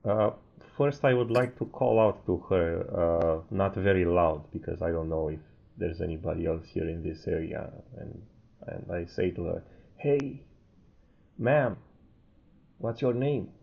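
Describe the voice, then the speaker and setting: Low, gravelly male player. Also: steady tone, normal speed, highs cut off. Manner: hesitant, polite. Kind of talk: tabletop game play.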